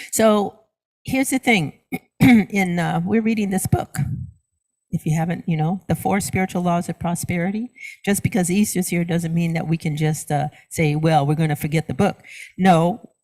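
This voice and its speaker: A woman's voice: fairly low pitch, unhurried, long pauses, a little mellow. A middle-aged woman minister giving a sermon. She asks the congregation questions and answers them herself, and she repeats words for emphasis.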